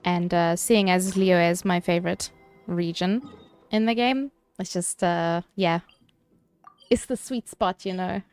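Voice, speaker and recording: A woman streaming a game, chatting casually with her viewers, swearing loosely and answering chat between quick laughs. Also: fairly low pitch, steady tone, a little mellow, clean tone, soft background music.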